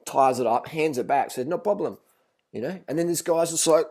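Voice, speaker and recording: A man's voice: a little high, fairly quick, darkish tone. Male vlogger, rambling storyteller, swears freely, blunt and casual.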